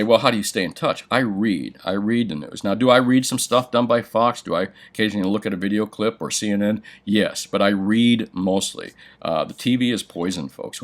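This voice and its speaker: Blunt, profane older coin-shop host. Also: male voice, low voice. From United States. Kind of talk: livestream chat reading viewer comments.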